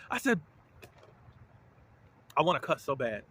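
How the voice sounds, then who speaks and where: A man's voice: fairly high pitch, normal speed, long pauses. Blunt, fired-up man reviewing a show. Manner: blunt, indignant, animated reactions. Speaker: reality TV recap host. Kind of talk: casual commentary.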